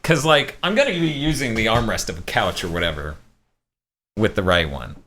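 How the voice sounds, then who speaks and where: A podcast co-host with a lowish voice chats casually at a moderate pace over a little hiss or hum. He's animated, swears freely, and jokes around.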